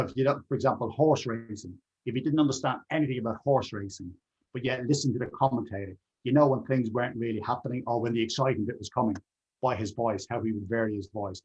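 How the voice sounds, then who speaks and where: A man with a husky, slightly worn voice speaks earnestly as a guest on a remote call, hammering home his points by repeating key words. The audio is dull and lo-fi, as from a video call. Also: mid-range voice, a little mellow. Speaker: guest, presentation skills trainer. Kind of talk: conversational interview answers.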